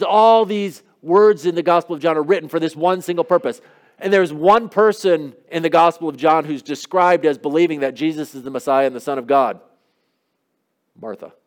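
A man's voice: on the high side, normal speed. A man preaching a sermon, asking the congregation questions in an emphatic way. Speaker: pastor.

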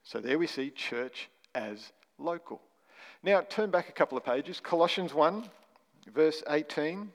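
A man's voice: on the high side, lively intonation, unhurried. A man preaching a sermon, stressing single words and asking rhetorical questions. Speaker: pastor. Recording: long hall reverb.

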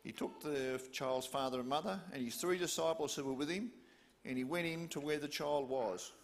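A man's voice: fairly high pitch, normal speed. A man preaching, retelling a story with questions to his listeners. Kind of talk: storytelling sermon.

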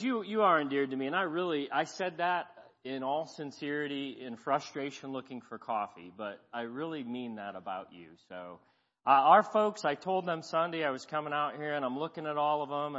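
Folksy fortyish pastor guy telling stories from the pulpit, kinda high voice, long church echo, dull sound. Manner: folksy, self-deprecating, animated when telling stories. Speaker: guest pastor. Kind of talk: sermon with storytelling. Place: church sanctuary.

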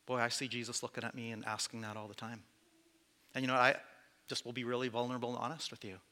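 A man's voice: mid-range voice, flat delivery, fast talker, bright, forceful tone. A man preaching as pastor to his church, candid and conversational, with self-deprecating asides. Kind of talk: sermon.

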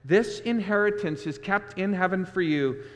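A man preaching a sermon as pastor, shifting from soft storytelling to fervent emphasis. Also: high-pitched, moderate pace, big-room sound.

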